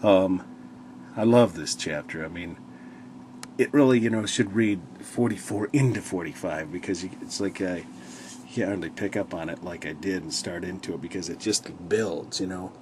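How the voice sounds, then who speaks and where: A man's voice: sits low, normal speed, noisy background. Rambling man musing on scripture. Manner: rambling, animated, lots of "you know", acts out quotes. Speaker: Bible study speaker. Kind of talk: casual Bible reflection.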